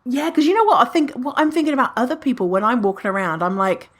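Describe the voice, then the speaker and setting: A woman hosting a solo podcast in a casual, animated way. She swears freely, laughs often and acts out other people's imagined thoughts. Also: a little high, fast. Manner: laughs often at her own remarks. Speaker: podcast host.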